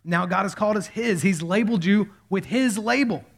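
With a high, brisk voice touched by vocal fry, this man in his thirties preaches as a pastor. He tells stories conversationally and animates the voices he quotes.

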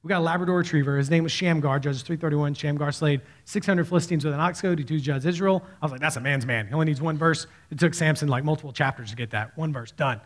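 A man's voice: a little high, quick pace, few pauses. A man in his thirties preaching a sermon as a pastor, telling stories in a conversational way. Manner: conversational storytelling preacher, animated quoted voices.

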